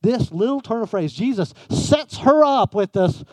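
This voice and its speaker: A man with a notably high voice delivers a sermon as pastor. He drives his points with emphatic lifts, then drops to hushed, intimate phrasing. The sound is dry and close. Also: lively intonation, measured pace, dry recording. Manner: emphatic, swings between raised and hushed delivery.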